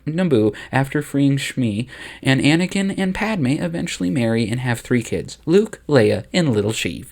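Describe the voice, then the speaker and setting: Wry, casual male storyteller. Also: a little high. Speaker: channel host and narrator. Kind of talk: comedic storytelling.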